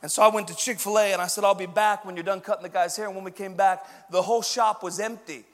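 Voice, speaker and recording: A man preaches a storytelling sermon, his voice pitched high and bright for a man. He swings from quiet, confiding asides to loud, driving emphasis. A long reverb rings around him in a large church hall. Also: fairly even intonation, quick pace. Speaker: pastor.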